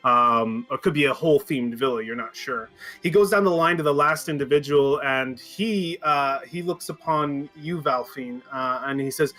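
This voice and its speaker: Bright-voiced male game master. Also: medium pitch, moderate pace, few pauses, faint music behind. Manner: casual, loose with fillers. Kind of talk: narrating a tabletop game.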